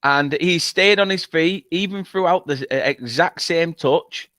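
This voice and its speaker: An excitable football fan calls a match live as a watchalong co-host. His voice sits high for a man, and the recording is dry and close. He swears freely when the game frustrates him. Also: measured pace, dry recording.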